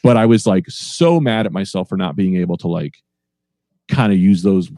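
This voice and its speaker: Male comedian guest, low warm voice, dry sound; rambling, profane storyteller. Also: normal speed, no room sound. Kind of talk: casual podcast storytelling.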